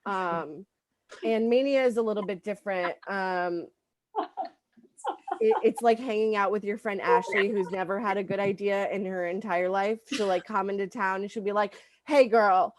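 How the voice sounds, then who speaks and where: A woman's voice: mid-range voice, steady tone, normal speed, a little hiss or hum. A woman doing a stand-up comedy set, rambling with lots of ums and likes.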